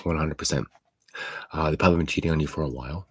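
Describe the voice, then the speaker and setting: Very deep, husky man venting bluntly. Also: quick pace, no room sound. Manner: blunt, profane, rambling with many restarts; speaks as a confiding friend to a hurt viewer. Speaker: livestream host. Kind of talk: casual live chat with viewers.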